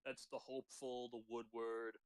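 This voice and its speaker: A man of middle pitch chimes in on a casual sports chat, stumbling and repeating his words as he goes. His voice is recorded dry and close. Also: level tone, normal speed, clear, resonant tone, dry recording, poor audio.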